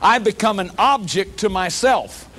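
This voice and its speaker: In a public lecture on shame and recovery, a man with a high-sitting, pushed and bright voice speaks animatedly at a moderate pace. He's earnest and conversational, often repeating himself and telling the audience "you see."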